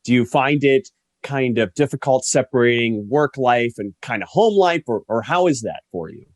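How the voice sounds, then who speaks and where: A man's voice: mid-range voice, animated, normal speed, no room sound, clean studio sound. A man co-hosting a podcast, chiming in and asking friendly questions. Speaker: podcast co-host. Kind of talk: casual interview chat.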